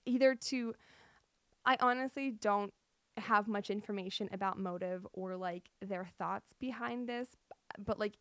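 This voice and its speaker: A woman's voice: mid-range voice, measured pace, a bit bright, no room sound. A young adult woman hosting a podcast, telling a true-crime story with nervous laughs and apologetic asides. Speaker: podcast host.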